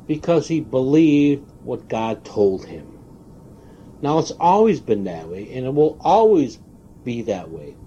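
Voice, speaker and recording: A man preaching a sermon, stressing single words and pausing for weight. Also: medium pitch, very animated, mellow, a little hiss or hum. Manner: emphatic, stressing single words with long pauses. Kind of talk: recorded sermon. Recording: dull lo-fi tape recording.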